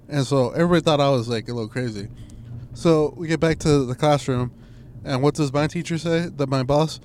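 Young man, casual chat, animated storyteller, loud quoted voices, medium pitch. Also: fairly quick, slight background noise. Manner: animated storyteller, swears, acts out quotes loudly.

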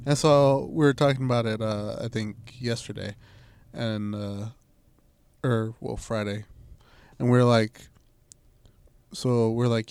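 A young man telling stories in casual chat, animated and swearing, acting out quotes in a raised voice. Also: medium pitch, unhurried, long pauses, clean tone. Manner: animated storyteller, swears, acts out quotes loudly.

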